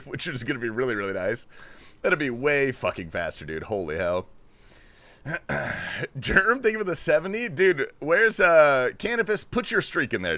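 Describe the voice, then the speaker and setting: A man's voice: a little high, a bit bright, no room sound. A man streaming live, chatting loosely and profanely with his chat while he plays, calling everyone brother and dude. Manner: loose and profane, greets chat with bro-talk. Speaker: livestreamer. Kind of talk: casual livestream chat while gaming.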